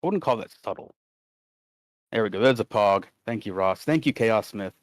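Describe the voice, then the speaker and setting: A man with a lowish voice co-hosts a casual livestream, rambling as he reads chat messages aloud. His sound is close and dry, with no room around it. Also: lively intonation, normal speed, no echo. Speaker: stream co-host.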